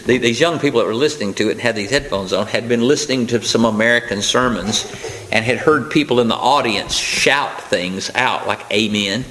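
A man's voice: medium pitch, fairly bright tone, slight background noise, low-quality recording. A man preaching a sermon, his voice rising to emphatic preaching at key points, with fillers and restarts.

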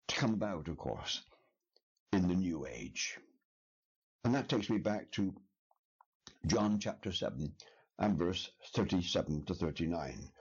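A man's voice: low-pitched, a little mellow, husky. A man preaching an expository sermon in an earnest, emphatic way, building his points with repeated questions. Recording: dull lo-fi sermon recording.

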